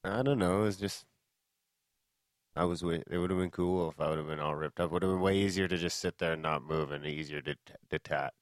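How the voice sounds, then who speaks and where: Deep-voiced joking podcast co-host man. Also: fairly quick, dry recording. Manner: joking, profane banter. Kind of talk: casual chat.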